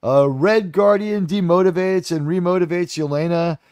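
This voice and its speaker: A man's voice: sits high, normal speed, a little mellow, smooth, dry recording. A man giving a casual, rambling film review, profane and full of fillers. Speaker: movie reviewer.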